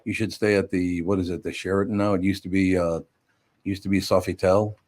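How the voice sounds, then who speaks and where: Older male radio host, very low voice, teasing storyteller. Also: level tone, a little fast, darkish tone. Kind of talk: casual radio chat.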